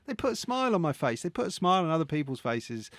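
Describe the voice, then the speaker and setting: Jokey, lively podcast co-host. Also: mid-range voice, fast talker, no room sound. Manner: jokey, blunt, lively delivery. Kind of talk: casual chat.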